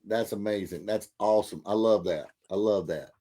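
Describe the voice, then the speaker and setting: A man's voice: on the low side, moderate pace, mellow. A man hosting a wrestling podcast, talking in a hyped, loose way full of "uh" and "you know", reading out viewer comments. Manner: hyped, filler-heavy, reads out viewer comments. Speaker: podcast host. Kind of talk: casual podcast chat.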